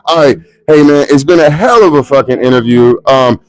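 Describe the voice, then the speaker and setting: A man with a New York accent interviewing a rapper backstage at a live show, excitable, playful and profane. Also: medium pitch, brisk, no room sound, poor audio.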